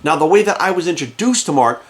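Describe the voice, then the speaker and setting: A man in his office talks straight into a camera in a quick, heated rant. His voice sits a bit high for a man, and he swears constantly for emphasis as he pushes his points. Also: animated. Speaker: fitness coach. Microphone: camera in front of him.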